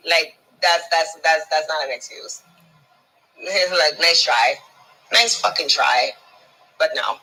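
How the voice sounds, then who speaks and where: A scornful woman rants in a piercingly bright voice that has a husky edge. She swears nonstop and trips over repeated words as she builds up steam. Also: deep voice, low-quality recording. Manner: scornful, mocking, swearing constantly; repeats and restarts words when heated. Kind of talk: profane ranting monologue.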